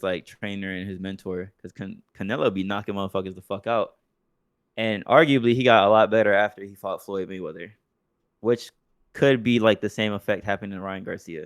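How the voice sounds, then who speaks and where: A young man co-hosting a casual podcast, telling stories loosely with plenty of swearing. His voice sits fairly low and sounds smooth and clear. The recording is close and dry, with no room sound. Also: dry recording. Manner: profane, loose storytelling with mocking impressions. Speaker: podcast co-host. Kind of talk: casual chat.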